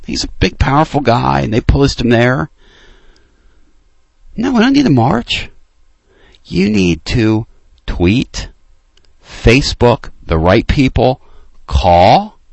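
A man hosting a late-night sports call-in show, ranting with fire and dropping to low, intense urging. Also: creaky, husky, no echo. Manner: fired-up ranting, swinging between loud outbursts and low intense urging. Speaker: sports talk show host.

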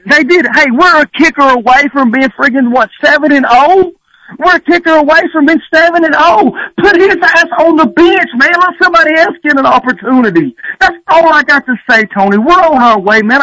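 Fired-up high-voiced male caller. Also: bright, forceful tone, dry recording, low-quality recording. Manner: fired-up, blunt, swearing. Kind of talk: call-in sports radio.

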